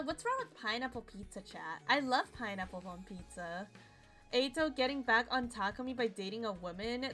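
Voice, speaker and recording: A young woman streaming a game, chatty and excitable, with a voice still rough from a nap. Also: fairly high pitch. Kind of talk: casual game commentary.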